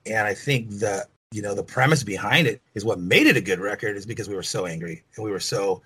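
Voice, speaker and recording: A man's voice: lowish voice, fast, sharp tone, husky, rough recording. A middle-aged man, a former rock band lead singer, telling stories in an interview in a rambling, profane way full of "you know.". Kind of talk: casual interview storytelling.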